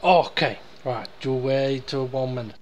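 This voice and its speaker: A man's voice: mid-range voice, a little slow, a little hiss or hum. A man hosting a casual comedy podcast, setting up sketches and teasing his co-hosts. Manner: directing, teasing. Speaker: podcast host.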